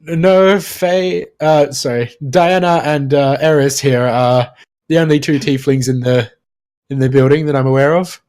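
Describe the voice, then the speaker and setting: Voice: mid-range voice, fairly even intonation, a little slow, darkish tone, close to an everyday voice. A game master voicing a cheerful, oblivious man who talks in an eager, fumbling way. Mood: flustered.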